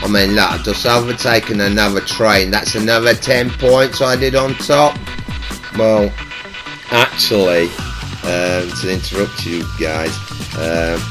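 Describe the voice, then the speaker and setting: A man's voice: steady tone, unhurried. Man, gaming host, casual teasing commentary, headset mic, faint music bed. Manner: teasing, swearing, mumbled low asides. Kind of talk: casual game commentary over party chat.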